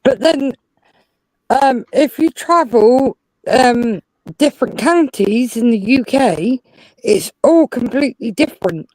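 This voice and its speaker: A woman's voice: fairly high pitch, expressive, slow pace, darkish tone, dry recording, poor audio. A woman chatting on a live stream, talkatively explaining things with examples. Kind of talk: casual live-stream chat.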